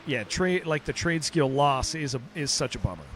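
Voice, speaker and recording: A man's voice: a little high, lively intonation, moderate pace, a bit bright, slight background noise. A man streaming a game who chats casually and rambles, often restarting his sentences. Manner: rambling, restarts sentences, says dude a lot. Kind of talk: casual livestream chat.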